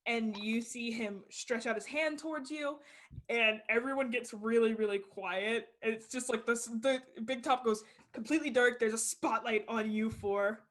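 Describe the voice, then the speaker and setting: A woman's voice: on the high side, normal speed, a bit bright. A woman narrating as game master of a tabletop role-play, casual with many fillers.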